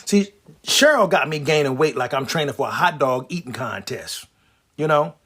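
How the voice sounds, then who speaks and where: A husky-voiced man telling a stand-up comedy story with lots of wisecracks. His pitch swings widely as he builds up jokes in a loose, animated way. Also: moderate pace. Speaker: comedian and prostate cancer survivor.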